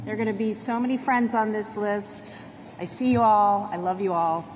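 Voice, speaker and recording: A woman presenting an award on stage, excited as she announces the category. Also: medium pitch, moderate pace, long reverb tail, background noise.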